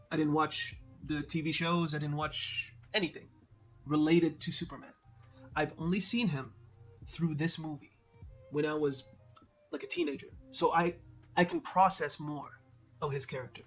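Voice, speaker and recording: A man giving casual, profane, animated commentary as a movie reviewer, slangy and laughing at his own jokes. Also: a little high, normal speed, soft background music.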